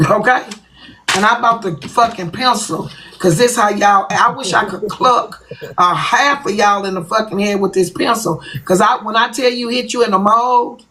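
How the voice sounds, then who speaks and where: A woman's voice: medium pitch, sharp tone. A woman hosting a livestream, talking bluntly and profanely to her viewers in a confrontational rant. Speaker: livestream host.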